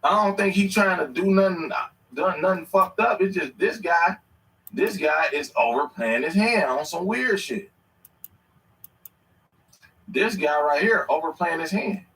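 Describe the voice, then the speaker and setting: A man in his thirties telling stories in casual chat, animated and swearing freely. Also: high voice, far from the mic. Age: 30s. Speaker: podcast host. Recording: echoey room, away from the mic.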